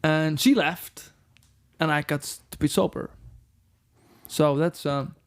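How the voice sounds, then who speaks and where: Blunt, profane Icelandic rock singer. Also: male voice, on the high side, slow pace. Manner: frank and profane, acts out quoted dialogue. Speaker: rock band frontman, guest. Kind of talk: candid interview storytelling.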